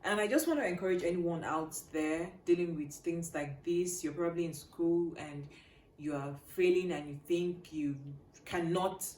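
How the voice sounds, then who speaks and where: A young woman telling a personal story to her viewers, shifting between hushed and loud, animated delivery. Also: on the low side, normal speed, echoey room. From Nigeria. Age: young adult. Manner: animated, swings from quiet to loud. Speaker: vlogger.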